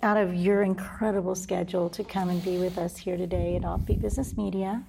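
A woman's voice: fairly low pitch, steady tone, brisk, vocal fry, noisy background. A woman hosting an interview, thanking her guest and reading a sponsor spot. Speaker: host.

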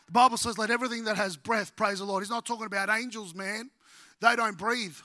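A middle-aged Australian man, a pastor preaching a sermon with humorous, animated storytelling. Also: sits high, fairly quick, no echo.

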